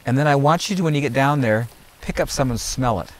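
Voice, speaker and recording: A man's voice: mid-range voice, lively intonation, fast talker, poor audio. A man guiding a group through a garden outdoors, teaching in an emphatic, preachy way and repeating his points. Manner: emphatic and preachy, repeats phrases, asks "are you hearing me?". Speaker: gardener leading a garden tour.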